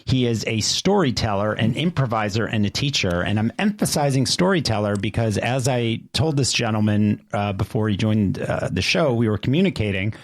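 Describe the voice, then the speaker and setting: A man co-hosting a podcast, chatty and quick to laugh at himself. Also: on the low side, lively intonation. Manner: chatty, laughs easily, self-deprecating. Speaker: podcast co-host. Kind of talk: casual chat.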